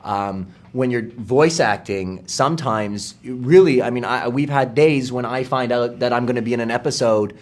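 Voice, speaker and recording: A man who works as a voice actor, chatting in an interview and telling lively stories that act out quoted dialogue. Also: mid-range voice, normal speed, hardly any pauses. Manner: lively anecdotal storyteller, acts out quoted dialogue. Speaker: voice actor guest. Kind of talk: casual interview chat.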